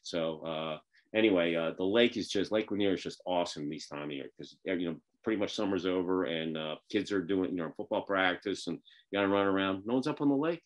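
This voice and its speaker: A man's voice: sits low, a little fast. A man from the Northeastern United States hosting a casual video call show, rambling in a folksy way with lots of fillers. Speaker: podcast host.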